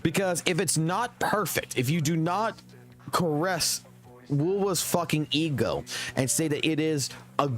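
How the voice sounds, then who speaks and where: A man's voice: fairly high pitch, a little slow, fairly bright tone. A man streaming games and ranting heatedly, with heavy swearing, in casual talk. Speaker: game streamer. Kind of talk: casual gaming stream rant. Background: faint music.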